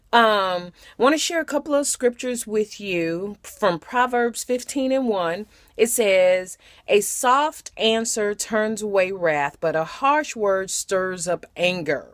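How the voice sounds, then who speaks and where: A woman's voice: mid-range voice, no echo, clean studio sound. A woman giving a short, conversational devotional message, repeating phrases for emphasis. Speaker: devotional speaker.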